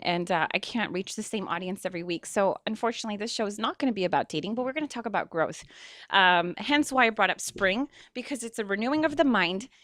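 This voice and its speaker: A woman's voice: medium pitch, fairly bright tone, no room sound, studio quality. A young woman hosting an internet radio talk show, rambling and emotional, laughing often.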